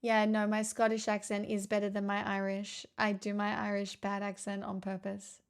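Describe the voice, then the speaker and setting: A woman's voice: medium pitch, completely flat delivery, moderate pace, creaky, clean tone. Teasing woman streamer. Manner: teasing, playful, chatting to viewers. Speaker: livestreamer. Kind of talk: casual live-stream chat.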